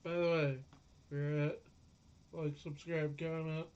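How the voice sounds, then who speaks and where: A man's voice: fairly high pitch, little pitch movement, takes it slowly, a little mellow, clear, resonant tone. A man co-hosting a show, giving matter-of-fact updates on channel goals. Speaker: co-host. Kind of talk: casual announcements. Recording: dull lo-fi sound.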